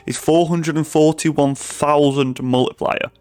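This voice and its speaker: A man's voice: a little high, fairly even intonation, measured pace, darkish tone, clear, resonant tone. A man hosting a casual interview, enthusiastic and often stumbling over his words. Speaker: host interviewer.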